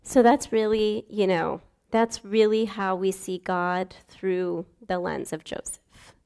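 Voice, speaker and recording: A woman's voice: medium pitch, steady tone, slow pace, creaky, darkish tone, clear, resonant tone. A young woman giving a casual, earnest sermon, chatty and acting out Bible figures as she goes.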